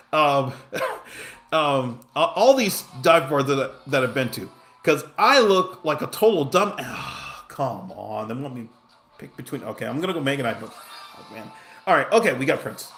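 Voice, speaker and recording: A man's voice: on the high side, a bit bright. A man chatting casually on a livestream, telling a rambling story full of fillers and restarts while reacting to his game. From Southern California. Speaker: game streamer.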